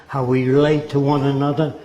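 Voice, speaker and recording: A man's voice: mid-range voice, flat delivery, a little fast, dark tone, lo-fi sound. A man giving a blunt, sardonic talk full of rhetorical questions. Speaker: speaker. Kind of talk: lecture-style monologue. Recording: roomy echo.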